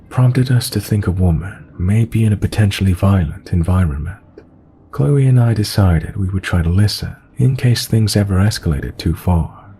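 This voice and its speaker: Male narrator for a scripted story read: very low, dark tone, even delivery. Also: gravelly, a little hiss or hum. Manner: even, measured first-person reading.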